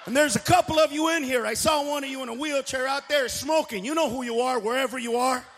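A male stand-up comedian who talks loud and brash and shouts his punchlines. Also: very high voice, fast talker, long reverb tail, slight background noise.

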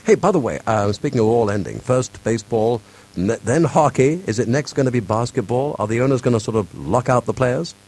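A man's voice: medium pitch, lively intonation, a little mellow, poor audio. A man hosting a morning show, interviewing a guest in casual chat and teasing him with jokes. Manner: joking, quick with prompts.

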